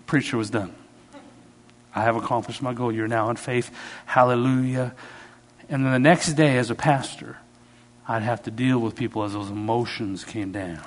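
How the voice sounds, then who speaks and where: A man preaching a sermon as a pastor, telling stories with sudden swings in pitch and loudness.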